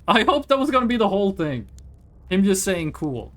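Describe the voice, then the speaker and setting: Game streamer, live commentary, reactive, thinks out loud, mid pitch, lively intonation. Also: normal speed. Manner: reactive, swears when startled, thinks out loud.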